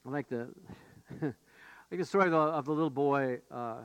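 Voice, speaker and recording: A man's voice: mid-range voice, a little fast, a bit bright, clear, resonant tone, dry recording, highs cut off. A man preaching a sermon as pastor, telling stories and building to emphatic questions. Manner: storytelling, rising to emphatic questions.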